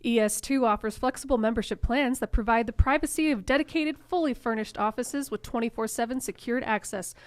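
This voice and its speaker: Bright-pitched woman podcast co-host. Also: dry recording. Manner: laughing, teasing. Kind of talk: casual ad reads.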